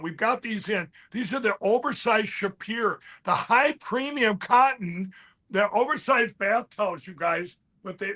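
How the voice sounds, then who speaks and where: A man pitching his products in a casual chat, rambling with halting restarts and fillers. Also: bright, forceful tone. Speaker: guest, company founder.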